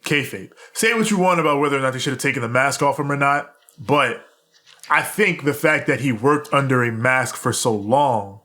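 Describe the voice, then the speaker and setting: Male podcast co-host, casual, laughs a lot, acts out quoted lines while recapping. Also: mid-range voice. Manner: laughs often, animated retelling with quoted lines.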